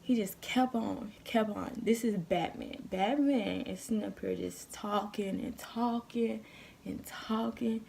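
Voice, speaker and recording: Brief: woman vlogger, dark gravelly voice, blunt storytime delivery with cursing. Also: mid-range voice, measured pace. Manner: blunt, heated storytelling with profanity; addresses viewers directly. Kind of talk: casual storytime vlog.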